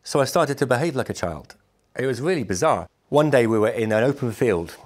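A man, a musician, recounting his travels to camera in a wry, animated storytelling manner. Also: mid-range voice, fairly quick. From Britain. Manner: animated, acts out other people's lines; wry, amused asides.

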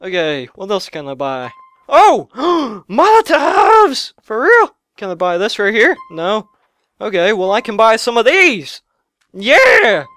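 A young man giving excitable gameplay commentary on his own gaming channel, shouting and yelping at the game between quick chatter. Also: sits high, clean tone, dry recording. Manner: loud, yelps and shouts at the game. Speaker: let's play gamer. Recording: lo-fi restored audio.

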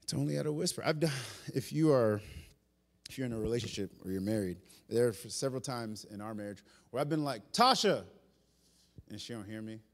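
A man preaching a sermon in a church during a live service, animated, swinging between loud emphasis and hushed delivery. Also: mid-range voice, quick pace. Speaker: pastor. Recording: long reverb of a church hall.

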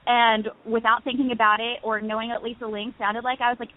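Over a phone line with a little hiss or hum, a slightly high-voiced woman speaks fairly quickly with little pitch movement. In her thirties, this guest actress calls in to a relaxed interview, bubbling through stories with frequent laughter.

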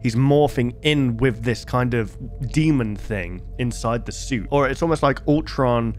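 Young male host, casual mid-pitched reaction chatter with jokey asides. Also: unhurried, faint music behind.

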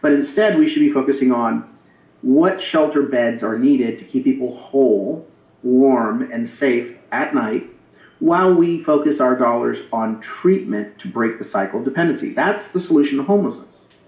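A man speaks straight to voters in a campaign video, hammering his points and circling back to key phrases. His voice sits at an ordinary middle pitch. The room around him rings with a noticeable echo. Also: expressive, moderate pace, a little mellow. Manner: emphatic, argumentative, repeats key phrases. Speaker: political campaigner. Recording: roomy echo.

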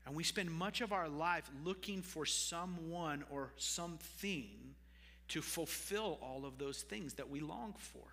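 Male pastor, mid pitch, bright and forceful, conversational sermon delivery with asides to the congregation, live in a reverberant church hall. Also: unhurried, creaky. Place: church sanctuary.

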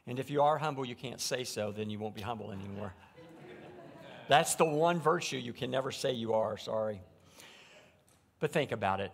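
A middle-aged man preaching a sermon from a church pulpit, shifting between quiet, reflective stretches and loud, emphatic preaching. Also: mid-range voice. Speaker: pastor. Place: church sanctuary.

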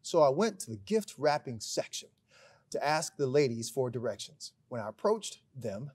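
A man, a school principal, giving a recorded graduation speech, telling a humorous story with deadpan timing and then addressing the graduates with emphatic pride. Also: mid-range voice, moderate pace, slightly rough. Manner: emphatic, builds to proud address.

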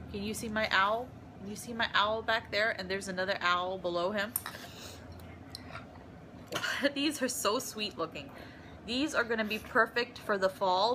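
A woman's voice: medium pitch, noisy background. A woman filming a casual unboxing vlog in her apartment, gushing and emotional over each gift. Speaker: vlogger.

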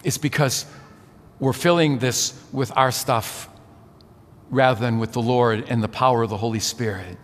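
A man's voice: mid-range voice, normal speed. A man in his sixties preaching a sermon full of rhetorical questions. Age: 60s. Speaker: priest. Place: large church. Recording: church with long reverb.

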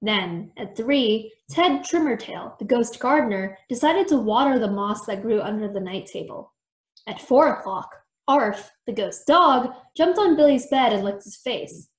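A woman reading a children's storybook aloud in an expressive storytelling manner. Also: fairly high pitch, unhurried. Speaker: storytime reader. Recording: echoey room.

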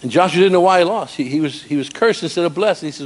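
A man preaching a sermon in a church, animated and storytelling with humor. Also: fairly high pitch, fast talker, few pauses. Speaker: pastor. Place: church sanctuary.

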